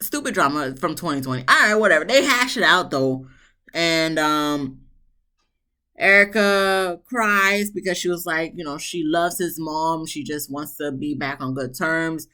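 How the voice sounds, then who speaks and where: Woman reviewer, low-set but bright and forceful voice, sarcastic, lively recap delivery. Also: unhurried. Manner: chatty, animated, mock-quotes people with big pitch swings; sarcastic asides. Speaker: TV show reviewer. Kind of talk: casual episode recap.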